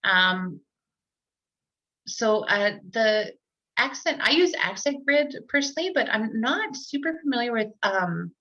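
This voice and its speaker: A woman's voice: on the high side, animated, a little slow, pushed and bright. A woman presenting a live online tech workshop for teachers, chatty, with lots of fillers and restarts. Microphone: computer mic on a video call. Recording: dull lo-fi online call audio.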